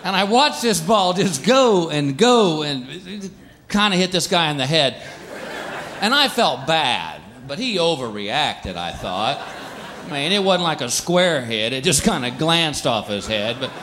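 A man's voice: on the high side, a little slow, a little hiss or hum. A man performing a stand-up comedy routine, telling stories and acting out the people in them. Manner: animated storytelling, acts out characters, frequent laughter from crowd.

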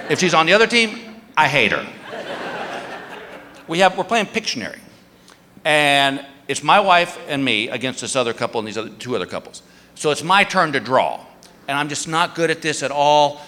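Lively high-voiced male comedian. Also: moderate pace, long pauses, a little hiss or hum. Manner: animated storytelling, acting out his wife in a high voice. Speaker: stand-up comedian. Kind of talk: stand-up comedy routine. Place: stage in a large venue. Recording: echoey hall with audience. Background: audience laughter.

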